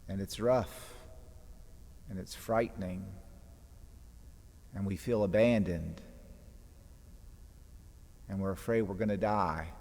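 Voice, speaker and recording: A man's voice: deep voice, fairly even intonation, slow pace, long pauses, darkish tone. A man preaching a homily as a priest, retelling the gospel story dramatically and acting out the voices in it. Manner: dramatic retelling, voicing scripture quotes. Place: church. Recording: long church reverb.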